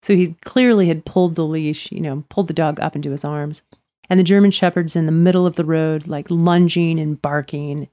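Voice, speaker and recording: A woman's voice: deep voice, steady tone, fairly quick, mellow, no echo. A woman chatting casually, telling stories about her neighbors, acting out their lines and laughing often. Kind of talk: casual chat.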